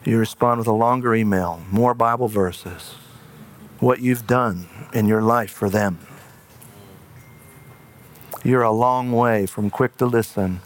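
A man preaching a sermon in an earnest way, slowing down and dropping to a hush for emphasis. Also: medium pitch.

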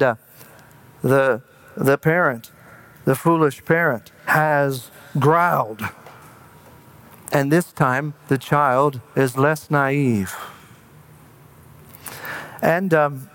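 A man preaching a sermon in an earnest way, slowing down and dropping to a hush for emphasis. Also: fairly high pitch.

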